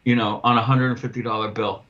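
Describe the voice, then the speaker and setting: A man's voice: on the low side, fast talker, muffled recording. A man on a casual podcast, telling a long story about losing a cleaning client and acting out both sides of the talk, swearing freely. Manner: profane, animated storyteller acting out dialogue. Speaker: podcast host, window cleaner.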